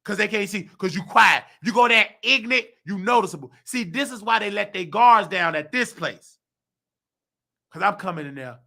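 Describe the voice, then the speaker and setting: A man's voice: high-pitched, expressive, moderate pace, vocal fry, sharp tone. A man hosting his own vlog and ranting heatedly in a preachy, slangy way about his work as a nursing assistant. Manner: mimics other people's voices in quotes. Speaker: host.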